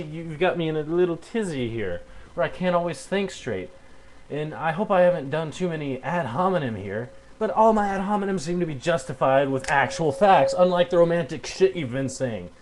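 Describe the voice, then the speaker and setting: A man's voice: on the high side, a little hiss or hum, poor audio. A young man delivering an angry, heated rebuttal rant into a webcam at home, cursing and stumbling over fillers. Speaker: video blogger.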